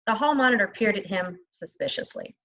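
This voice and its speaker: A woman reading a children's novel aloud, expressive, lightly voicing the characters and adding chatty asides to the listener. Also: mid-range voice, fairly quick, rough recording.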